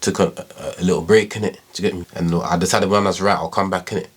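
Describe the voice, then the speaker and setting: A young man in his twenties with a London accent talks through his story with a deep, slightly husky voice. He speaks fast and loosely, piling on slang and tag questions as he reflects. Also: fairly even intonation. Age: 20s. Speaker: YouTuber. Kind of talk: casual storytelling vlog.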